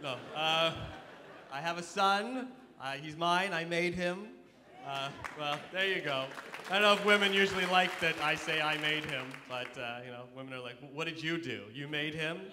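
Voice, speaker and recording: A man performing a stand-up comedy set on stage, telling self-deprecating stories and acting out quoted voices loudly. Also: on the high side, normal speed, noisy background. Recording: live stage in a reverberant hall.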